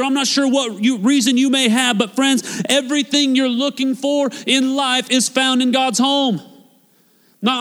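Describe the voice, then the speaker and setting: A man preaching a sermon as a pastor, passionate and swinging between loud appeals and hushed, quiet lines. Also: extremely high pitch. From United States. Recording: long hall reverb.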